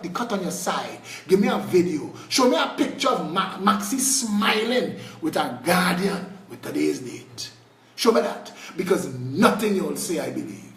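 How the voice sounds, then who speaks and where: A Trinidadian man giving an impassioned political address on a live video, indignant and fiery, swinging between shouting and low muttering. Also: roomy sound, distant mic. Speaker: political party leader.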